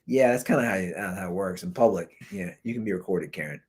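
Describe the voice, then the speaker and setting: A man in his thirties hosts his podcast and rants in a loose, animated way. His pitch swings widely, and his voice sounds husky. It was picked up by a plain computer mic. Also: quick pace. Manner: animated, conversational ranting, says "dude" and "man" often. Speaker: podcast host. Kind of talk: ranting commentary. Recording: recorded through a computer mic.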